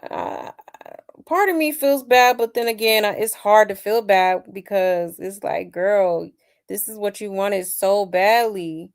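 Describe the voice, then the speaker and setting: Woman, gossip livestream host, sassy chat, a little hoarse, gravelly fry. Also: medium pitch, unhurried. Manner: sassy, chatty, talks straight to her viewers. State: slightly hoarse, losing her voice. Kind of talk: casual celebrity gossip commentary.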